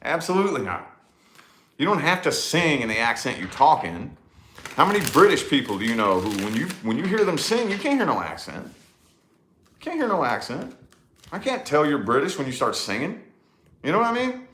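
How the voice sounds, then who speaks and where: A man with a Tennessee accent chatting on a vlog, rambling and circling back with "you know what I mean." His voice is bright and swings lively up and down. It sounds roomy and echoey. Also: a little high, fairly quick, a little hiss or hum. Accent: Southern US, Tennessee. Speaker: vlog host, musician. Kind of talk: casual chat. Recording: roomy echo.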